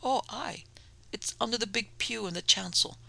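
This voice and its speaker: Old gamekeeper, seventies, deferential; male narrator doing it, fry-heavy, slightly raised pitch. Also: normal speed, sharp tone, dry recording, heavily acted. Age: 70s. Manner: homely, deferential. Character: old Scottish male gamekeeper, plain and respectful. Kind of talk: audiobook character voice.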